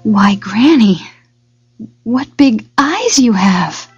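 A woman's voice: on the high side, lively intonation, very slow, slightly rough, lo-fi sound, full character voice. A woman voicing an innocent little girl in a red cape in a storybook, asking alarmed, rising questions. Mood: wary. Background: loud music.

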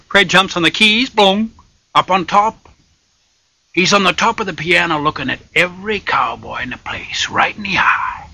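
A man spins a folk tale with a high, swooping voice that leaps all over its range. His tone is raspy, bright and gravelly, and he drops into loud whispers for suspense. The sound is dry and close. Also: animated, moderate pace. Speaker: storyteller. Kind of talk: told folk tale with sung bits.

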